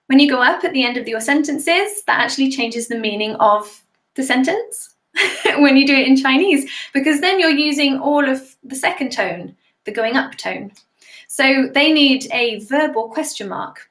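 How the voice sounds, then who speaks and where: High, bright, chatty British woman. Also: echoey room. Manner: chatty, giggly, reads out viewer comments. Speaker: singer hosting a live stream. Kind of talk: casual live-stream chat.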